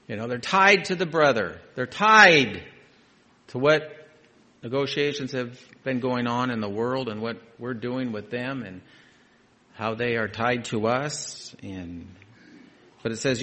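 Man preaching with quiet asides. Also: medium pitch, lively intonation, moderate pace. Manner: reads scripture aloud, then adds conversational asides, dropping to quiet emphasis. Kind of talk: sermon.

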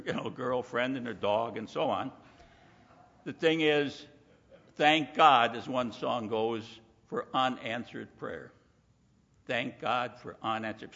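A man preaching a sermon in a folksy, animated way, acting out the voices he quotes. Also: medium pitch, gravelly. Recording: dull lo-fi recording with long hall reverb.

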